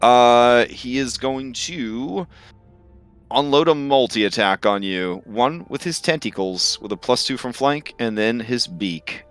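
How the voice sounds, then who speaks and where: A man narrating as game master of a tabletop game, with a relaxed, hesitant delivery full of fillers. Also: mid-range voice, slow, smooth. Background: faint music.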